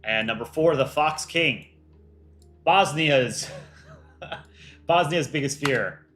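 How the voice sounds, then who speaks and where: A man's voice: fairly high pitch, takes it slowly, a bit bright. A man hosting a casual livestream, reading out fan art entries and reacting with light jokes.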